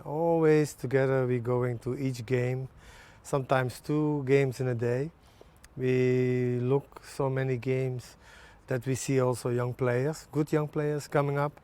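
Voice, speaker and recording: A man, a national team's head coach, answering in halting non-native English with many pauses and fillers in a TV sports interview. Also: mid-range voice, flat delivery, mellow, smooth. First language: not English.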